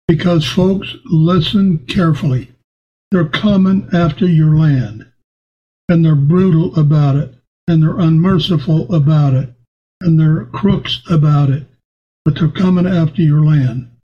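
A man's voice: a little high, breathy edge. An older man, a lawyer and guest, telling courtroom stories in an earnest, folksy way. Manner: earnest, folksy, retells courtroom scenes with quoted voices. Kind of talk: casual interview storytelling. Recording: dull lo-fi audio with loud background noise.

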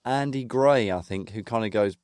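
A man's voice: fairly low pitch, normal speed, darkish tone, dry recording, studio quality. A man co-hosting a casual football podcast, reminiscing in a rambling way with plenty of fillers. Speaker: podcast co-host.

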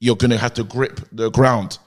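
A man's voice: medium pitch, fairly even intonation, normal speed. A married man, co-hosting a comedy podcast in a rambling, earnest way. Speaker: podcast co-host. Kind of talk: casual comedic chat.

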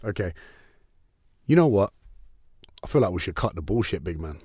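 A man hosting a casual podcast chat, full of excitable, sweary banter. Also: low voice, moderate pace, breathy edge, dry recording, studio quality. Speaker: podcast host.

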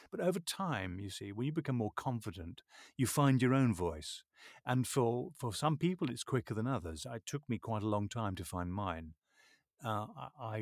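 A voiceover artist answering interview questions, thoughtful and expansive with self-deprecating humor. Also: male voice, fairly low pitch, dry recording, studio quality.

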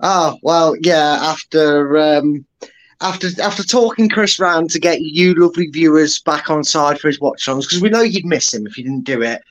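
A man with a slightly high voice joins a casual football podcast over a video link. He banters freely and makes jokes at his own expense. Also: normal speed, rough recording. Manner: joking, self-deprecating banter. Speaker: podcast co-host. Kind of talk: casual chat.

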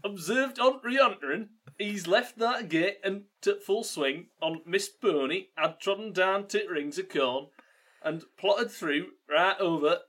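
A man reading an old rural dialect text aloud in a put-on Geordie accent that slides into Yorkshire, halting over the words. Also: high-pitched, fairly bright tone, pitched above the performer's own voice. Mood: stumbling. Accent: put-on Geordie drifting into Yorkshire.

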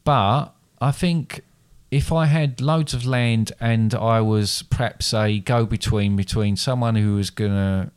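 Wry middle-aged dad on a podcast. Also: male voice, lowish voice, fairly even intonation, clean tone. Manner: measured, wry, teasing. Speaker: podcast co-host, father. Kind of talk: casual chat.

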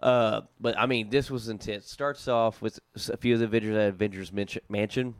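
A young man with a Southern US drawl recaps the story for his podcast co-hosts, animated and quick to laugh. His voice sits low, smooth and resonant. The sound is dry and close. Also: no room sound. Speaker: podcast co-host recapping comics. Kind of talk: casual chat.

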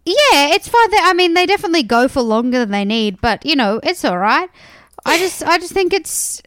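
A woman's voice: sits high, very animated, fairly quick, a bit bright, slight background noise. A young woman chatting playfully on a podcast, swearing casually and giggling.

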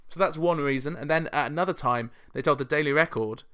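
A male chart show host from the UK who chats casually and makes sarcastic remarks. His voice is bright and crisp, and his delivery is clean and clear. He talks in an easy, conversational way. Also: a little high, fast talker. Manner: snarky, sarcastic and chatty. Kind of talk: casual commentary.

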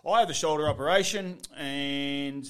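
A man's voice: on the high side, normal speed, clean tone. A middle-aged Australian man telling stories in a casual chat, acting out what others said and laughing often. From Western Australia. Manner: animated storyteller, acts out quotes, laughs often. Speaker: podcast guest, former footballer.

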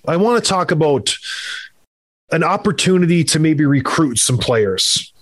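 A man with a fairly high voice chatting casually as a podcast host. He is opinionated and rambles, tossing in quick asides. The sound is dry and close. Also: expressive, breathy edge, no room sound. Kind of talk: casual sports chat.

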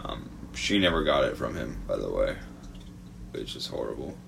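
Male podcast co-host, low voice, casual rambling delivery with lots of fillers and profanity. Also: big pitch swings, moderate pace, vocal fry, noisy background. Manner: rambling, hesitant with many fillers, swears freely. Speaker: podcast co-host presenting a true crime report.

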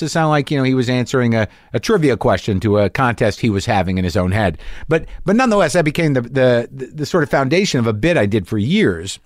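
A middle-aged podcast host and comedian rambles casually through a stage story, tripping over repeated words. When he imitates crowd members, his pitch shoots up sharply. The recording is dry and clean, with studio sound.

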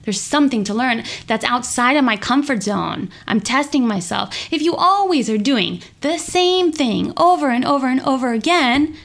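A woman yoga teacher talking with passion and emphasis in a podcast interview, often jumping up in pitch. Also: normal speed, vocal fry, few pauses. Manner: passionate, emphatic, swings high and animated.

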